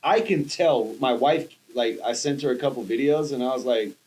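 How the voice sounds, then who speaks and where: A man co-hosting a podcast, talking in an animated, rambling way with lots of restarts and casual slang. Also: medium pitch, moderate pace, poor audio. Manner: animated, rambling with restarts, says bro and dude. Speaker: podcast co-host. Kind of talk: casual chat.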